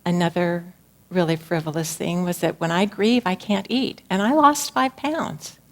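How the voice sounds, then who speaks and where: A woman giving a personal spiritual talk to her community, speaking in a gentle, earnest, reflective manner. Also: on the low side, moderate pace.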